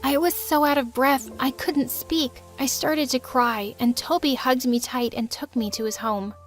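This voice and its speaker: A woman telling a first-person animated drama, her voice bright and high. She narrates with dramatic emotion, faint music playing beneath. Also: a little slow.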